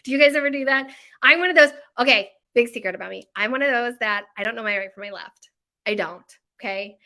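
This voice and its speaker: A woman's voice: a little high, fast, sharp tone. A woman who runs a bakery, talking to her followers in a chatty, self-mocking and flustered way. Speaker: bakery owner. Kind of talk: casual promo chat to followers.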